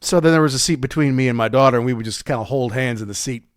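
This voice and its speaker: A middle-aged man co-hosting a podcast, telling a concert story in animated, anecdotal chat. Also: medium pitch, racing, clean tone, no echo, studio quality. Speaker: podcast co-host. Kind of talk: casual chat.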